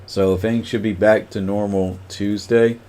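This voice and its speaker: A man's voice: on the low side, level tone, a little slow, mellow. A man chatting casually on a livestream, greeting viewers by name and rambling with lots of fillers.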